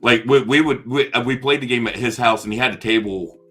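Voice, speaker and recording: A man's voice: mid-range voice, a little fast, a bit bright, husky, soft background music. A man co-hosting a casual chat show, telling rambling stories with lots of restarts. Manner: rambling, restarts and trails off, laughs at own stories. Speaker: podcast co-host.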